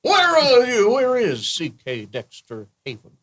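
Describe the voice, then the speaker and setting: A woman reading the part of a tipsy, flirty male newspaper reporter at a script table read, with a slurring, drawn-out delivery. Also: on the high side, wildly swooping pitch, fairly bright tone, full character voice.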